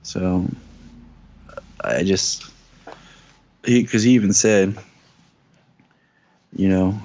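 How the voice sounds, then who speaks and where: A man's voice: deep voice, steady tone, extremely slow, long pauses, darkish tone. A man co-hosting a podcast, chatting casually and joking, acting out quotes in a raised voice. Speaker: podcast co-host. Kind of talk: casual TV review chat. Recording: dull dry lo-fi audio.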